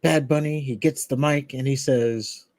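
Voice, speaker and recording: A man chatting casually on a podcast, walking through what happened in a wrestling show. He rambles a little and restarts his sentences, his voice sitting at a middling pitch. The sound is close and dry. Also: fairly even intonation, a little slow, darkish tone, dry recording. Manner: rambling recap with laughs and restarts. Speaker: podcast co-host. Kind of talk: casual wrestling recap chat.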